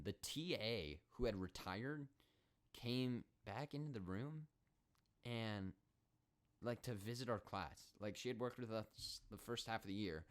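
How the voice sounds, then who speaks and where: A twenty-year-old man hosting a solo podcast, telling school stories in an animated, rambling, sarcastic way. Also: fairly low pitch. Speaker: podcast host.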